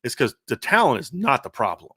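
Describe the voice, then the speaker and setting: A man hosting a casual sports podcast, talking quickly and acting out quotes with laughs. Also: medium pitch, breathy edge, dry recording, studio quality. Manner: animated, laughs and acts out quotes. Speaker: podcast host.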